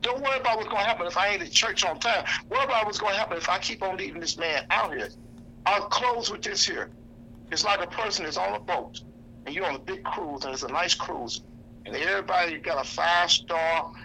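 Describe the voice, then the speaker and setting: High-voiced, sharp-toned preacherly man. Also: a little fast, a little hiss or hum, low-quality recording. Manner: blunt, preacherly, cites scripture, repeats for emphasis. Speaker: activist speaker. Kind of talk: impassioned speech to a lunch audience. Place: indoor lunch gathering.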